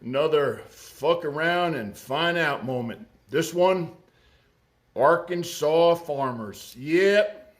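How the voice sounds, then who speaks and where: A man's voice: a little high, lively intonation, takes it slowly. A man giving sarcastic political commentary, profane and mocking.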